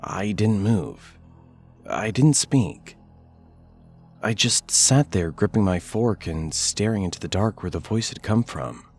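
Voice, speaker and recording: A man narrating a first-person scary story in a measured, hushed delivery with deliberate pauses. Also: on the low side, lively intonation, slightly rough, faint music behind.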